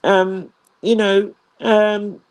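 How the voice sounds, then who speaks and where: A woman's voice: mid-range voice, flat delivery, very slow, darkish tone, no room sound. A woman co-hosting a political talk show, chatting loosely with frequent fillers and restarts. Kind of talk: casual political commentary.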